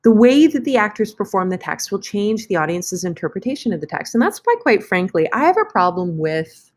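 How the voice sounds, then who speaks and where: A woman's voice: mid-range voice, big pitch swings, fairly quick. A woman teacher talking casually through an online lesson on screen, chatty and correcting herself as she clicks around. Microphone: computer mic for screen recording.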